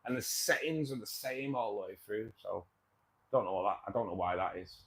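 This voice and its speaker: A man's voice: on the low side, brisk, gravelly. Chatty man calling everyone mate. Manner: chatty and rambling, repeats himself, keeps saying mate. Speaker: livestream host. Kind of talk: casual livestream chat with viewers.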